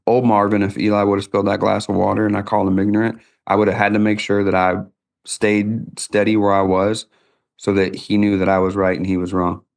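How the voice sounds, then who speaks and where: Gravelly low-voiced man. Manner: conversational, folksy storytelling. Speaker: podcast host. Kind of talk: casual podcast interview.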